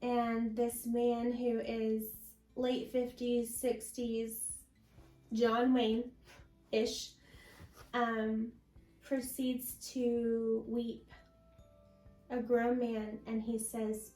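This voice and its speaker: A woman guest sharing a personal faith testimony in an interview, telling her story slowly and from the heart. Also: a little high, flat delivery, mellow, echoey room, faint music behind, poor audio. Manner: slow, heartfelt storytelling with many pauses.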